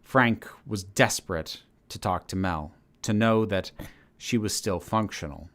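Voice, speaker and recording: A man narrating a story aloud in a steady, measured reading manner. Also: lowish voice. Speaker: channel host reading his story. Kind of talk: audiobook-style story narration.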